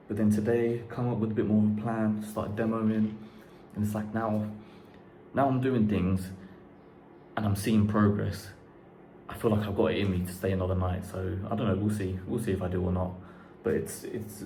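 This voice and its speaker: Casual young guy, slightly low voice, loose rambling talk, recorded in a roomy empty house with a little noise. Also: warm tone. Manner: rambling, chatty, swears casually. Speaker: vlogger. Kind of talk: casual chat to camera. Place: unfinished house under renovation, indoors. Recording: echoey empty room, faint background noise.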